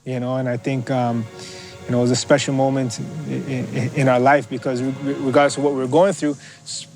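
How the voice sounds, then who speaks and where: A man's voice: medium pitch, level tone, a little mellow, low-quality recording. A man from Scarborough, Canada, speaking in a documentary interview about growing up, with frequent restarts and fillers. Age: adult. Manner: halting, many restarts and fillers. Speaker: interviewee, athlete. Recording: faint music underneath.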